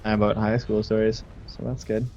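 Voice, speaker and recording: A man's voice: fairly low pitch, a little fast, lo-fi sound, slight background noise. Chatty young man telling a story. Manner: animated, laughing, lots of fillers. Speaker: gaming streamer. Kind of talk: casual storytelling while gaming.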